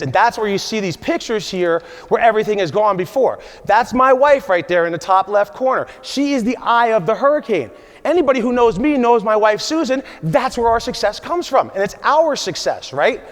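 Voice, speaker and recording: A man in his forties giving an emphatic motivational keynote at a conference, often checking in with the audience with "right?". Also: high-pitched. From USA. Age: 40s. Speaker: conference speaker. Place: large conference hall. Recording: long hall reverb.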